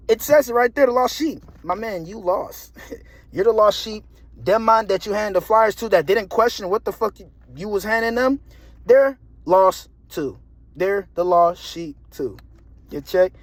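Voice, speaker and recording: A young man telling a story in a casual monologue, animated and slangy, repeating himself and laughing often. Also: sits high, no echo. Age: young adult. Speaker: vlogger.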